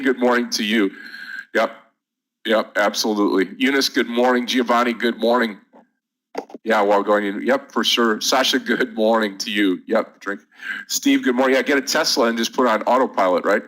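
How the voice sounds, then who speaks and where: A man's voice: fairly low pitch, brisk, fairly bright tone, rough recording. Upbeat man hosting a trading stream. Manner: upbeat, greets viewers one by one. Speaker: day trading room host. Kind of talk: live market commentary.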